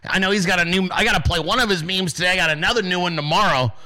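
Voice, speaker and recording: A podcast host with a high, bright voice rambles through casual commentary. He swears freely and breaks into laughter often. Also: rapid-fire.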